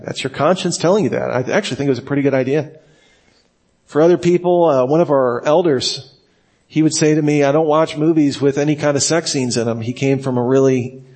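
A man's voice: mid-range voice, darkish tone. Conversational man teaching a church class. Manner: conversational, anecdotal, wry asides. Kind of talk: sermon-style teaching talk.

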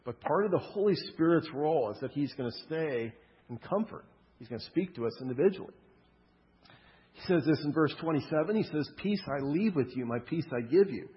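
A man preaching a sermon, in a loose, conversational way with humorous storytelling. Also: fairly high pitch. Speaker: pastor. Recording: muffled with long hall reverb.

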